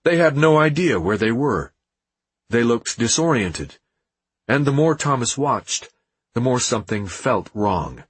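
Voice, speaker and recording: A man narrating an audiobook in a steady, measured reading with a husky voice. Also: mid-range voice, no room sound.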